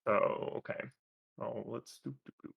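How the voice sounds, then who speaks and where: A man playing in an online tabletop game, talking in a relaxed, slangy way over voice chat. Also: medium pitch, measured pace, gravelly. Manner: relaxed, slangy, unsure of the tools. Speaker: player.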